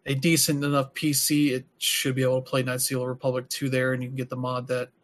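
A man's voice: mid-range voice, monotone, quick pace. A man hosting a podcast, talking casually and rambling with lots of filler words. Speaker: podcast host. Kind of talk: casual chat.

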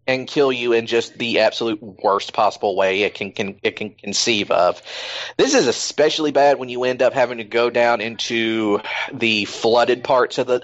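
A man's voice: mid-range voice, dull audio. A man hosting a podcast in casual chat, rambling with plenty of fillers. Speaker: podcast host.

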